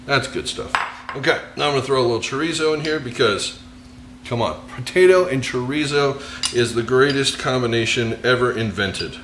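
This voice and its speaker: An American man with an expressive, mid-range voice cooks on camera at a moderate pace, joking and rambling with self-mocking asides. His voice bounces around a roomy kitchen over a noisy background with the faint clink of cutlery and dishes.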